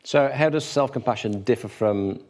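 A man's voice: mid-range voice, moderate pace, darkish tone. A man hosting an interview, friendly and inquisitive in how he asks his questions. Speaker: host.

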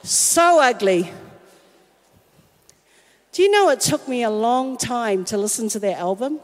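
Aussie woman preaching, high voice, lively storytelling, big hall echo. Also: a little slow. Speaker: worship singer and speaker. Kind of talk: personal testimony sermon. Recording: long reverb of a large hall.

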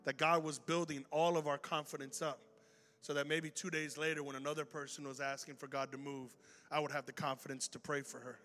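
A male pastor telling a story in a sermon, lively and animated, acting out the voices of the people in it. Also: a little high, a little fast. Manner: animated, acts out dialogue in the story. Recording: long hall reverb with faint music.

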